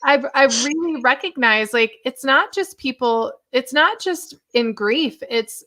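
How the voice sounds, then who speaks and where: A woman's voice: high-pitched, expressive, measured pace, sharp tone. A woman hosting a podcast, chatting in an effusive, talkative way. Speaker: podcast host. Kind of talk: casual conversation.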